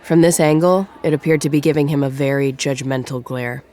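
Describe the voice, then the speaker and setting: A narrator reading a novel in a measured storytelling manner. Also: mid-range voice, fairly even intonation, warm tone. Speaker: audiobook narrator. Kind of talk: scripted narration.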